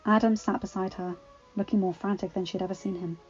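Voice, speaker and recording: A woman narrates a story in a steady, expressive reading voice of middling pitch. The recording is dull and lo-fi, with faint music beneath. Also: a little fast, husky. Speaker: audiobook reader.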